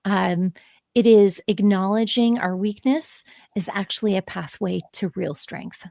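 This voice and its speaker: Brief: woman guest, gravelly low-key tone, dry close mic, calm and reflective. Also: measured pace, no echo. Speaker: author and podcaster guest. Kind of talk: reflective interview conversation.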